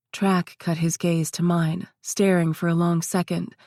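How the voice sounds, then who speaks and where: A woman narrating a first-person audiobook in a steady, even reading voice. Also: on the low side, measured pace, hardly any pauses, no echo, clean studio sound.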